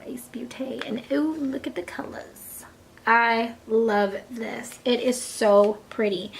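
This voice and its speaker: Middle-aged woman vlogger, gravelly and a little high, rambling and casual, with hushed asides. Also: slight background noise. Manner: chatty, rambling, with frequent soft half-whispered asides. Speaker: beauty vlogger. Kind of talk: makeup tutorial chat.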